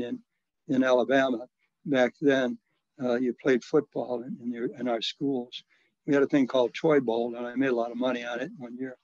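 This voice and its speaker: A man in his eighties, a retired priest, recounting his past in an interview in a halting way, with many restarts and soft chuckles. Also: mid-range voice, dry recording. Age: 80s. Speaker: retired Catholic priest and social worker. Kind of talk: reminiscing in an interview. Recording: dull, lo-fi, dry recording.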